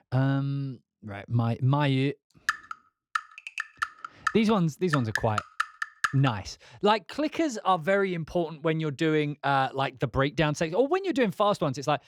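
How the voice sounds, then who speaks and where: A man hosting a casual live-stream, chatting and rambling while demoing music software. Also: fairly high pitch, sing-song, measured pace, background noise. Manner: chatty, rambling, laughs often. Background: music playing.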